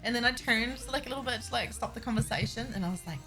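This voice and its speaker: A young New Zealand woman chats with her stream, her Kiwi accent softened by an American tinge. She talks in a giggly, rambling way in a slightly high voice. Faint music plays underneath. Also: racing, few pauses, low-quality recording. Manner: chatty, giggly, addresses chat directly. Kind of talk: casual live-stream chat while playing.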